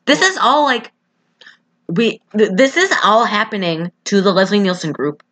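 A woman's voice: medium pitch, expressive, normal speed, a bit bright. A woman co-hosting a casual podcast, chatting and joking through a movie recap with lots of fillers. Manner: chatty, jokey, lots of "like" and restarts. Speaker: podcast co-host.

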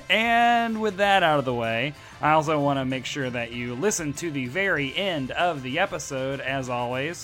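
A chatty man hosting a podcast, his voice sitting a little high for a man. He talks loosely and animatedly, with fillers and self-deprecating jokes. Faint music plays behind him. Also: a bit bright. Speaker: podcast host. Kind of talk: casual podcast chat.

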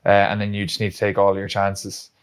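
Rugby guy on a podcast, lowish voice, keeps saying like, kinda halting. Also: monotone, clean tone. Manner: hesitant, lots of "like" and fillers. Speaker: guest rugby player. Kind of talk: interview answers.

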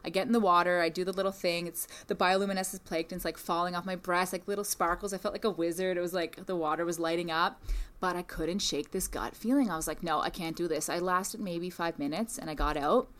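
A woman's voice: lowish voice, fairly even intonation, fairly quick, fairly bright tone. A woman retelling a trip in casual chat, emphatic and swearing. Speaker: storyteller.

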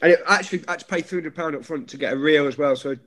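A man's voice: a little high, rapid-fire, fairly bright tone. An English man, a guest comedian, telling easygoing stories in casual chat and laughing along as he goes. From England. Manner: easygoing storyteller, laughs mid-story.

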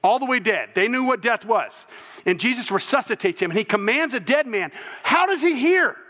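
A male pastor preaching a sermon, animated and throwing in joking asides. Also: sits high, a little fast, long reverb tail.

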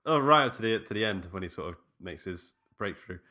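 A man's voice: deep voice, expressive, fairly quick, bright, forceful tone. A man co-hosting a casual film podcast, rambling with many fillers. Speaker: podcast co-host.

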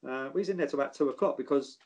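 A man, a former footballer, telling animated anecdotes and swearing freely. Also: medium pitch, very fast. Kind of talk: casual storytelling.

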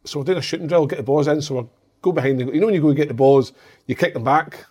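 Male ex-player, rapid sweary anecdote-teller. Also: a little high. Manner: swears freely, animated storyteller. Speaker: former footballer guest. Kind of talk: casual storytelling chat.

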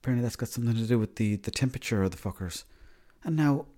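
A young Irishman rambling through a deadpan, sweary comic monologue. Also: medium pitch, rapid-fire. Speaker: comedy monologuist.

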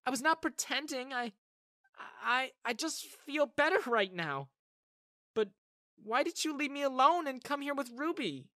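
A woman doing a high, clingy young woman. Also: sing-song, a little slow, a bit bright, no room sound, clean studio sound, exaggerated voice. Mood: pleading.

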